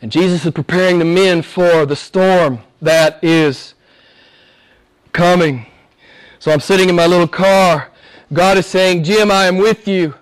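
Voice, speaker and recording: A male pastor preaching a sermon, swinging between loud exhortation and hushed whispers, with laughs between points. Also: sits high, a little slow, clean tone.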